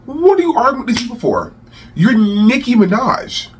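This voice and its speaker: A man's voice: extremely high pitch, huge pitch swings, normal speed, slight background noise. A man hosting a rant channel, delivering heated celebrity commentary with profanity and repeated phrases.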